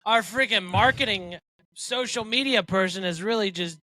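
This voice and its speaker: A man co-hosting a podcast in a bright, forceful voice that sits a little high. He chats casually and laughs often. The sound is close and dry. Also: moderate pace, no room sound. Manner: laughs often, reads a synopsis aloud. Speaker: podcast co-host. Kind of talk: casual chat.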